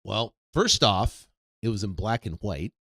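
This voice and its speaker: Man, 50s, real estate coach, animated storyteller, very lively pitch swings. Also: measured pace. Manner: animated storyteller who acts out quoted dialogue. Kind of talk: personal story told to an audience.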